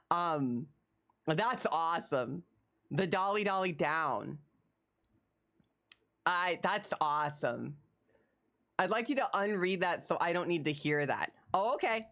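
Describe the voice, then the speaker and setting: A live streamer from the United States chatting with viewers from a home setup. They ramble, stammer and repeat phrases, and get animated and laugh when teasing chat. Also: mid-range voice, unhurried, pauses often.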